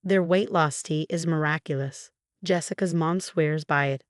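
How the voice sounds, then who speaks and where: A woman's voice: low voice, moderate pace, no room sound, studio quality, close to an everyday voice. A woman voicing a pushy middle-aged mother who talks in a sweet, insistent sing-song. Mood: coaxing.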